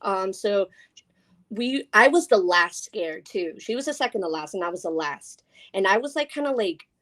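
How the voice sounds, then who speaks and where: A woman's voice: mid-range voice, lively intonation, moderate pace, fairly bright tone. A young woman chats on a podcast as a guest, telling her stories with lots of energy. She laughs often and jumps into voices as she acts out the quotes. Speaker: guest scare actor. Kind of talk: casual podcast storytelling.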